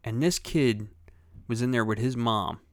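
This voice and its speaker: Brief: man, casual profane storyteller, mid-pitched, dry close sound. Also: a little slow, dry recording. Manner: profane storytelling, acts out other people's lines. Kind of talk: casual chat.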